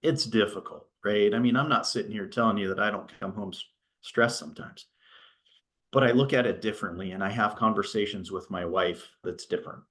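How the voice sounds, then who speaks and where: A man's voice: lowish voice, brisk, a bit bright. A middle-aged man giving a casual talk at a virtual business workshop, telling stories and often checking in with "right?". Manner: conversational, storytelling, often adds "right?". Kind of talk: casual presentation on a video call. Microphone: video call.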